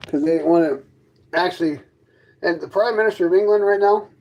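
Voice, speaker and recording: A man's voice: sits high, brisk, dull audio. Guy ranting at his chat on a livestream from his trailer, sarcastic and mocking, picks fights. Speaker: livestream host chatting with viewers. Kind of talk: casual livestream rant. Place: inside his fifth-wheel trailer.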